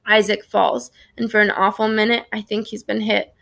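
A woman's voice: medium pitch, flat delivery, moderate pace, gravelly, a bit bright. A woman narrating a children's story in the first person, reading expressively. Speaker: audiobook narrator.

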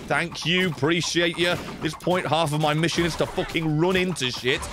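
A young man commentating his own gameplay on a live stream, profane and animated, grumbling then yelling at the game. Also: a little high, moderate pace. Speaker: gaming streamer. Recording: game music behind voice.

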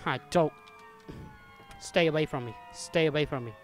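A man's voice: fairly high pitch, moderate pace, faint music behind. A young man with playing a horror game on his own channel, talking to the characters and yelping when startled. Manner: jumpy, yelps and screams when startled, talks to the game character. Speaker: gaming YouTuber. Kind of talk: horror game let's play commentary.

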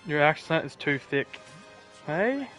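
A man's voice: fairly high pitch, sing-song, slow, a bit bright, soft background music. A man with an Australian accent chatting casually on a live game stream, trading joking, defensive banter with his viewers. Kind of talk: casual live-stream chat while gaming.

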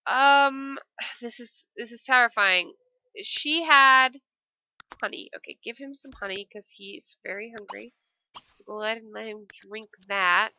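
A woman's voice: a little high, a little slow, bright, forceful tone. A woman giving casual, emotional commentary while playing a life-simulation game, with frequent dramatic exclamations. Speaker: let's play gamer.

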